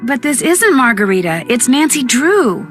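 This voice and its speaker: A woman's voice: high voice, big pitch swings, normal speed. An actress with an American accent voicing an earnest young female amateur detective in a video game, polite and plain-spoken. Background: faint game music.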